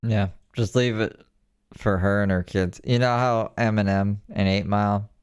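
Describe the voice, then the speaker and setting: Guy with a lowish voice chiming in on a clip, casual offhand comments. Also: fairly even intonation, moderate pace, clean tone, no echo, clean studio sound.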